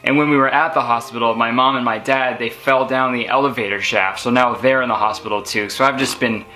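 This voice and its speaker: A man's voice: medium pitch, fairly even intonation, brisk, sharp tone, natural voice. A man acting out a pushy creator who pesters a fan about his content, playing both sides of the scene. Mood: mock skit. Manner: acts out both sides of a mall encounter. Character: pushy self-promoting male creator badgering a fan.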